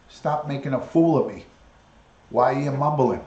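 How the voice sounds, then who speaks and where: A man's voice: mid-range voice, normal speed, darkish tone, roomy sound, lo-fi sound. A man hosting a casual live stream, chatting with viewers and coaxing his parrot to talk.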